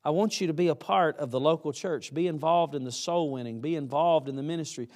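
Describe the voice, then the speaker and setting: Casting: man, preacher, folksy and emphatic, slightly higher voice. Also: fairly quick, a little mellow. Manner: folksy, emphatic, acts out quoted students. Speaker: college preacher. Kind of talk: chapel sermon.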